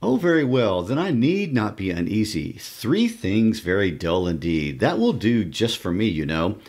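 A man voicing a chattering older spinster woman in a fluttery falsetto, eager and flustered. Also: very animated, a little slow, darkish tone, husky, exaggerated voice.

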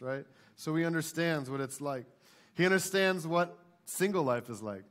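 A man in his thirties preaches in a church sanctuary, his voice sitting slightly higher than most men's. He talks conversationally, checking in with the congregation through frequent tag questions and telling stories animatedly. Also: normal speed. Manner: animated storytelling. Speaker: pastor. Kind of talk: sermon.

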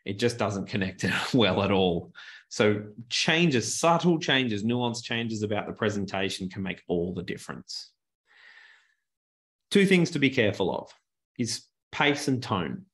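A man teaching presentation skills in a webinar from his home office, animated and deliberately varying his pace and tone, on a good desk microphone. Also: lowish voice.

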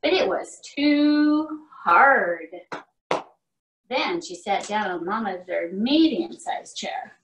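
A preschool teacher, a woman, reading a storybook aloud to children in a slow, animated, expressive way, heard from far off in an echoey classroom. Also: mid-range voice.

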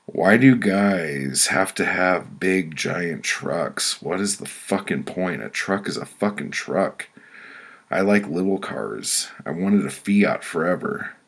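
A man reading his own prose poems aloud as an audiobook, blunt, profane and deadpan. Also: deep voice, takes it slowly, creaky, husky.

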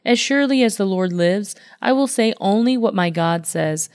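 A woman's voice: medium pitch, lively intonation, normal speed, darkish tone, clear, resonant tone, natural voice. A woman voicing Micaiah, a stern and truth-telling male prophet, in a Bible reading with light emphasis.

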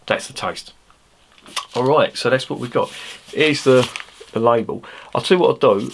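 A man's voice: medium pitch, moderate pace, a little hiss or hum. A man reviewing a beer in a casual, rambling way, swearing freely and poking fun at himself. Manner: blunt, swears freely, chatty and self-mocking. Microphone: his original microphone, not a clip-on.

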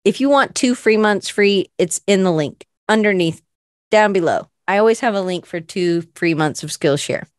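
A woman's voice: medium pitch, moderate pace, dry recording, studio quality. A woman hosting a live creative show, chatting in a rambling, self-deprecating way full of fillers. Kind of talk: casual chat.

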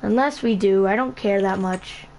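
A woman hosting a casual game building tutorial, talking in a halting way, correcting herself and repeating item names as she goes. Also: mid-range voice, a little mellow, a little hiss or hum. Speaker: channel host.

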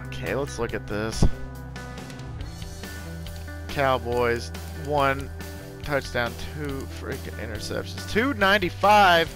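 A young man giving excitable live commentary while playing a football video game, full of exclamations and mild curses. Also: medium pitch, slow, long pauses, over music. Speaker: gaming YouTuber.

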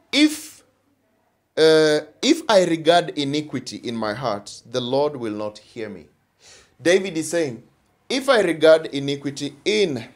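A man preaches with a Kenyan English accent, pressing his points hard. His voice sits somewhat high for a man, and he keeps coming back to the same phrases. He often stops to check in with a quick "all right?". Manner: emphatic, repeats phrases and asks "all right?". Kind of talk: sermon.

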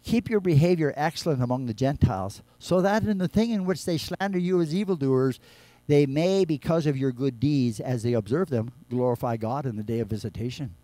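A male pastor preaching a sermon, moving between quiet low scripture reading and loud, raised exhortation. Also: fairly quick, no room sound. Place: church.

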